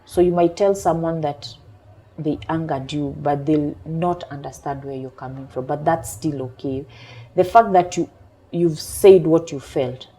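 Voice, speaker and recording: A woman coach on a talk show, calmly explaining her point through everyday examples. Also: low-pitched, slightly rough. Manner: calm, measured explaining with examples. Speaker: emotional intelligence coach.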